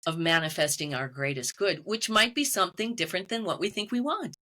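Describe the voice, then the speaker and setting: A woman being interviewed as a medium and author, telling her story in lively detail and acting out the voices of the people she quotes. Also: fairly low pitch, a little fast. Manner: animated storytelling, quoting voices. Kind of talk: conversational interview.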